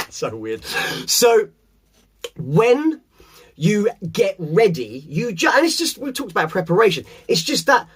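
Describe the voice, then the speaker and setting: Playful host, high and lively, cursing his way through a pep talk to camera. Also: takes it slowly. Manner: swears often, animated and playful. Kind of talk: casual motivational monologue to camera.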